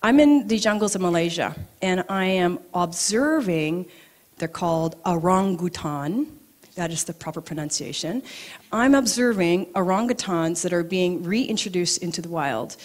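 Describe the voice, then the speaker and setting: A middle-aged woman telling personal stories at a live event, animated and acting out both sides of her conversations. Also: lowish voice, moderate pace. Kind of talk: live storytelling talk. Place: event venue, audience present.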